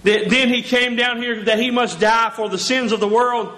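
A pastor preaching a sermon in a church, earnest and quoting scripture with frequent restarts. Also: male voice, extremely high pitch, steady tone, normal speed, bright, forceful tone. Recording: echoey church hall.

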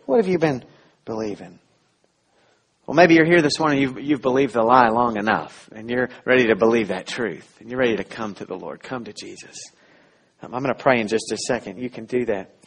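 A man preaching a sermon as pastor, earnest and full of restarts, rising to loud emphasis and dropping to soft, quiet lines. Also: medium pitch, a little fast, breathy edge.

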